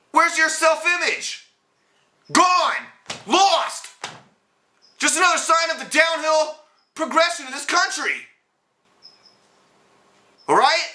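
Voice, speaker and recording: A man's voice: extremely high pitch, bright, forceful tone, roomy sound. A man hosting a political commentary show, ranting in a blunt, indignant and sarcastic way.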